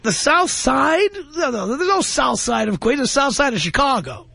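A man's voice: very high-pitched, sing-song, normal speed, vocal fry, pushed and bright, husky, no room sound. A man from New York hosting a call-in radio show, needling and condescending toward callers. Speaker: radio talk show host. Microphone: studio broadcast mic.

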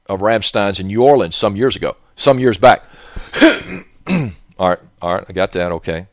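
A Southern-accented man talks in a blunt, profane ramble, his pitch rising and falling with lively swings. He wanders off on tangents and cusses freely. The sound is dry and close. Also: no echo. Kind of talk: rambling casual monologue.

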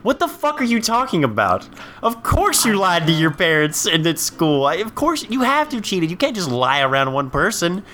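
A man's voice: high-pitched, wildly swooping pitch, normal speed, sharp tone, slight background noise. A man co-hosting a podcast, giving wry, sarcastic commentary on a sitcom episode. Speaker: podcast co-host. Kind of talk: casual recap chat.

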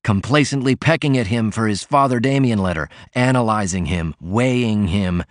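A man's voice: on the low side, normal speed, no room sound, clean studio sound, natural voice. A man voicing an earnest, eager young male sailor who writes poetry.

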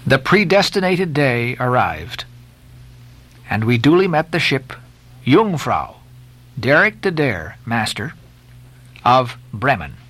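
A man reading a classic novel aloud, expressive with occasional halting fillers. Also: medium pitch, husky. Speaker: narrator. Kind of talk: audiobook narration.

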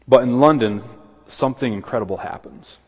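A man preaching a sermon as pastor, earnest, with quick asides and objections voiced in a higher pitch. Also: breathy edge. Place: church sanctuary. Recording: long hall reverb.

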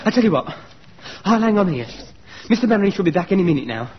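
An actor playing a naive, eager young bank clerk in a radio comedy, recorded with a muffled sound. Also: male voice, sits high, very animated, fast, a faint crowd, slight background noise. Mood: flustered. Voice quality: eager, flustered. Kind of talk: 1970s radio comedy acting.

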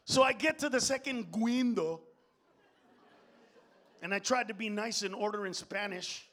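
A middle-aged man doing stand-up comedy, profane and animated, swinging from mutters to shouts. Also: sits high, a little slow.

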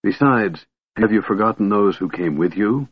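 A man voicing a cold, bitter young male wizard in an audiobook, speaking in a chilly, harsh, hushed way. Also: fairly low pitch, expressive, moderate pace, husky. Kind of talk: audiobook character reading. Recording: tinny phone-like audio.

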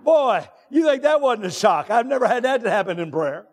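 A man with a very high voice preaches in a church, his words ringing out in a long hall reverb. He drags out his phrases and repeats them, then shouts his key points. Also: very animated. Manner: drawn-out deliberate phrasing with repetitions. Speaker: pastor. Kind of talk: sermon. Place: church sanctuary.

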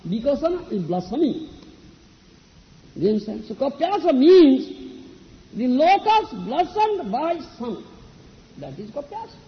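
A man teaching as a spiritual teacher in a religious discourse, often asking his listeners if they understand. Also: extremely high pitch. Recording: dull lo-fi echoey hall with faint noise.

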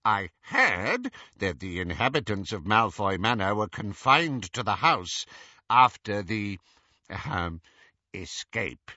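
A man's voice: fairly low pitch, big pitch swings, slow pace, sharp tone, no room sound, dull audio, full character voice. A man doing a cool, haughty wizard. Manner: cool, suspicious. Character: cool, haughty middle-aged dark wizard.

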